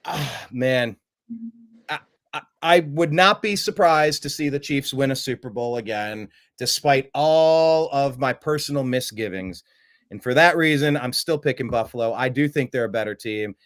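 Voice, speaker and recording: A man hosting a casual sports chat, animated and quick to mimic other voices in his stories. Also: medium pitch. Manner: animated, jumps into mocking voices. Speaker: host.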